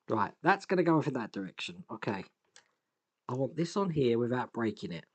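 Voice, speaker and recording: A man's voice: mid-range voice, animated, unhurried, pauses often. A man hosting a model-building video, thinking aloud as he works at a workbench, with sighs, chuckles and self-deprecating asides. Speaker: host, scale model builder. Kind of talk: casual build commentary.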